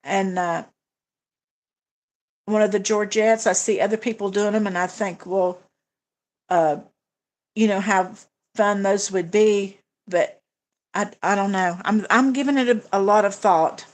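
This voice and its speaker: A woman's voice: mid-range voice, steady tone, measured pace, long pauses. Chatty woman hosting a budget livestream. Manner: chatty, hesitant, many fillers and restarts. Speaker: budgeting channel host. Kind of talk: casual livestream chat reading comments.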